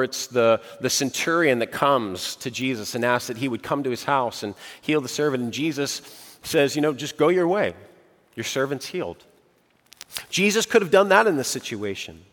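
A man preaching a sermon, dramatic, dropping to a hush and then rising to emphatic outbursts. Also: on the high side. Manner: dramatic, swings from hushed to emphatic. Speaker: pastor. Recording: long hall reverb.

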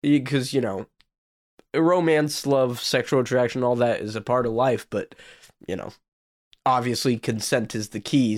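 Male game master host, raspy from a cold, casual and playful. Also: mid-range voice, unhurried, no room sound, clean studio sound. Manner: jokey, laughs often. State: sick with a raspy voice. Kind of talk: casual podcast chat.

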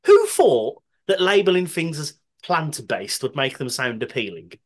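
A man's voice: fairly high pitch, big pitch swings, measured pace. Brummy guy on a podcast, having a rant, swears a lot, voice goes all over the place. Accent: Birmingham. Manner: ranting, swears freely, laughs often. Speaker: podcast co-host. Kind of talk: casual chat.

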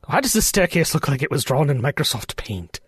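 A man in a tabletop game throws out goofy wisecracks. His voice sits high and leaps up and down with great animation, lightly over faint noise. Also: sing-song, a little fast. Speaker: player. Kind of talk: casual chat.

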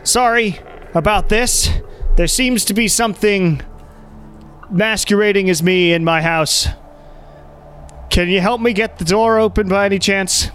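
A man's voice: sits high, a little slow, pauses often, fairly bright tone, slight background noise, pitched above the performer's own voice. A man voicing a harried, polite man in his thirties who is locked out of his house and talks in a flustered, apologetic way.

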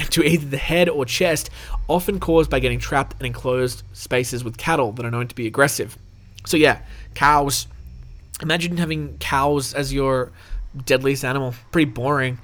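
A man's voice: medium pitch, a bit bright. Laid-back man reading and joking. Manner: swears freely, joking, chuckles mid-sentence. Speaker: reaction video host. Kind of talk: reading an article aloud with casual asides.

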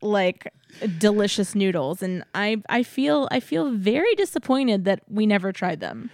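A woman's voice: mid-range voice, lively intonation, a little slow, creaky, darkish tone, no echo, clean studio sound. A young woman co-hosting a podcast in casual chat, giggly, upbeat and enthusiastic. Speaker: podcast co-host.

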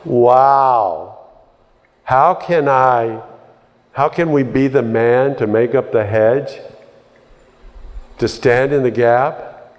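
A man preaching with slow, deliberate delivery and a middle-pitched voice. He is fervent, circling back over his phrases and calling out hallelujah and amen. The sound lingers in a long hall reverb. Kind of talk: sermon.

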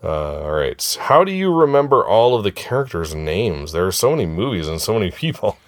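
A man's voice: sits low, very animated, brisk, no echo, clean studio sound. A middle-aged man hosting a casual family podcast with his kids, laughing often and joking loosely. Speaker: podcast host and father.

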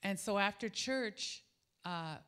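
Middle-aged woman preaching, animated storyteller, mid-pitched voice, quick shifts in tone. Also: smooth. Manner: animated, acts out quoted dialogue with jumps in pitch. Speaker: preacher at a women's gathering. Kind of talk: sermon with personal storytelling.

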